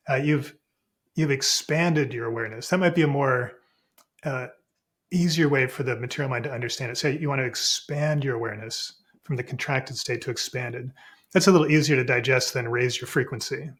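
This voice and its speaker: Man explaining calmly, acting out inner voices. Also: fairly quick. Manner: acts out inner voices with sudden high exclamations. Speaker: podcast guest, spiritual teacher. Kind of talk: relaxed conversational explanation.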